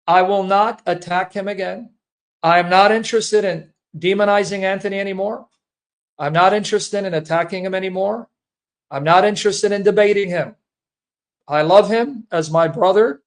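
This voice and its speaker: A man hosting a livestream, making an earnest, emotional personal statement to his listeners, repeating himself and calling them brethren. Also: sits high. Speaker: Christian apologist livestream host.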